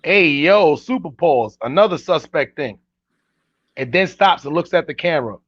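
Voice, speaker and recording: Animated high-voiced man reacting to clips. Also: moderate pace, no room sound, lo-fi sound. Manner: animated, incredulous, talks straight to chat. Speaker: commentary host reacting to clips. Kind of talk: casual reaction commentary.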